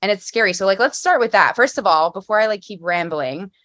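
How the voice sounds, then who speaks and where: A woman's voice: medium pitch, animated, fairly quick, fairly bright tone. A young woman from the Philadelphia area with a Philly accent, hosting a casual podcast interview and rambling with many fillers. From Philadelphia area, USA. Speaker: podcast host.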